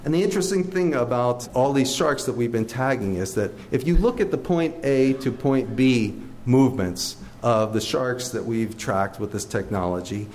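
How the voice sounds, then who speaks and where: A man's voice: medium pitch, expressive, normal speed, few pauses, a little mellow, slight background noise. Enthusiastic man giving a slide lecture. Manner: friendly, enthusiastic, many fillers and restarts. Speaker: shark research biologist giving a slide talk.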